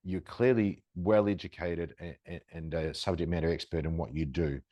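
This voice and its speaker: A man's voice: sits low, steady tone, moderate pace, mellow, dry recording. A man hosting a podcast interview, talking in a conversational, rambling way and praising his guest. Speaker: podcast host. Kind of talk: casual interview talk.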